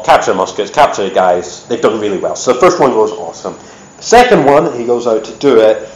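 A man giving a lively, chatty storytelling talk at an event, with plenty of ums and uhs. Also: lowish voice, a little hiss or hum. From United States. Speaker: presenter. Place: event hall. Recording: echoey hall.

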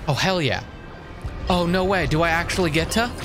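A young man giving excitable, jokey gameplay commentary and swearing often. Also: on the high side, normal speed. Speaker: gaming channel host. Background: game music and sounds.

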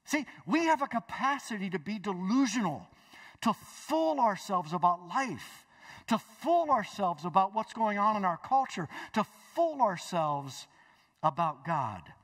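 A male pastor preaching a sermon in a church, emphatic, swinging between loud exclamations and hushed asides. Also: high voice, very animated, a little slow, distant mic. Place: church sanctuary.

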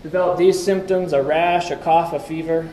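A man's voice: on the high side, steady tone, normal speed, mellow. Man, lecturer, conversational talk with slides, echoey room, faint background hum. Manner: conversational, asks the audience questions, wry asides.

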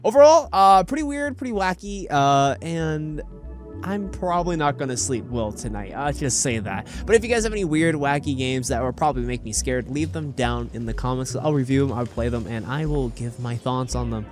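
A man hosting a casual let's-play, excitable, stammering and laughing often. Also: mid-range voice, moderate pace, soft background music. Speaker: gaming channel host. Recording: noisy background.

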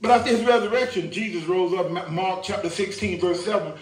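A male preacher with a high voice delivers a sermon, repeating himself and asking for agreement. He is caught from a distance in an echoing church. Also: fairly quick. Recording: echoey church from far off.

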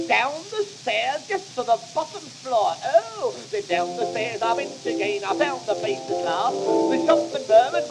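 A man in his forties performing a music hall comic song, half speaking and half singing brisk patter and switching into voices for shop assistants. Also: very high-pitched, expressive. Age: 40s. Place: recording studio. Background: loud band accompaniment.

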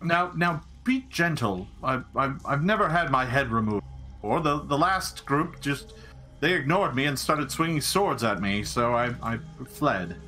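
A man's voice: mid-range voice, animated, a little slow, sharp tone, soft background music, pitched below the performer's own voice. A man voicing a nervous talking skull, a ghostly man who stammers and frets. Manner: fretful, hesitant, stammering.

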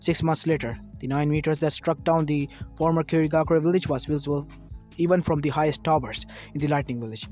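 A man narrates a fan-written story in a plain reading voice, stumbling and restarting now and then. His pitch is a little high, and faint lo-fi music runs beneath the reading. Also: fairly even intonation, a little fast, darkish tone. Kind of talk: reading fan fiction aloud.

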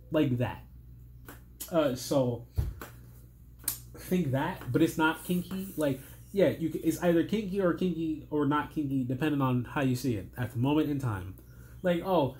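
A tired man with a slightly high, mellow voice hosts a reaction video, his voice strained. He rambles casually in an exasperated, stammering way, swearing often.

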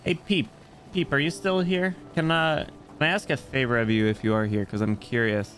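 A man giving excitable, exclamatory live commentary as he plays a game and chats with his viewers. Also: medium pitch, moderate pace, slight background noise. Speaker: streamer.

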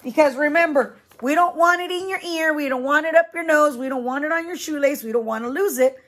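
A woman's voice: high-pitched, fairly quick, fairly bright tone. A woman teacher reading a picture book aloud to young children, stopping to ask questions and explain. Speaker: preschool teacher.

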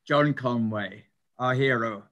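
An older man giving a reminiscing lecture, speaking in a measured, explanatory way with some hesitant fillers. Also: mid-range voice, a bit bright. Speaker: mathematician giving a talk.

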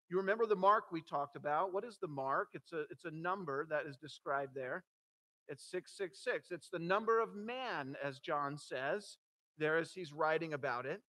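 A man's voice: sits high, normal speed, pushed and bright. A man, the pastor, preaching a sermon to his congregation, reading scripture aloud and breaking off to explain it emphatically. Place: church sanctuary.

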